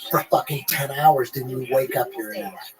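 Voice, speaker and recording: A man telling a rambling, profane anecdote in casual chat, animated and swearing freely. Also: mid-range voice, fairly quick, crowd noise, poor audio. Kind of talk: casual storytelling.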